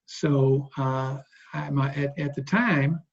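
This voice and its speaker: A man in his sixties, a guest bass player, telling stories in an interview in a relaxed, rambling way. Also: slow pace, creaky, dull audio. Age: 60s. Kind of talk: interview storytelling.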